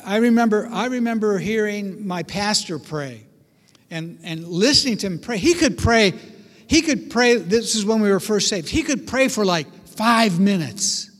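A man preaching a sermon, telling stories with animated delivery and acting out voices. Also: high voice, big-room sound. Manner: animated storytelling, acts out voices. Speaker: pastor.

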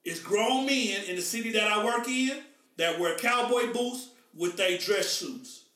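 Bright-voiced animated male podcast host. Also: high-pitched, unhurried. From US Midwest. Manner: animated, emphatic, slangy. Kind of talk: casual podcast chat. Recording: echoey room, mic far off.

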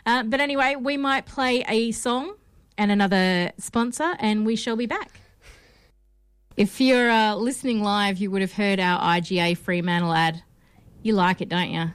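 A woman's voice: medium pitch, normal speed, clear, resonant tone, no echo, clean studio sound. An Australian woman hosting a casual film podcast, chatty and rambling with lots of ums and restarts. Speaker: podcast host.

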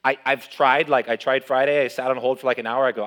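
A pastor preaching a sermon in an animated, conversational way, often repeating his words. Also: mid-range voice, fast, few pauses. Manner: animated, repeats words, uses sports analogies.

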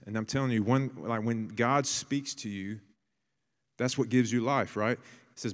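A man in his thirties preaching a sermon as a pastor, telling family stories and building to bursts of excitement. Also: medium pitch, normal speed, big-room sound.

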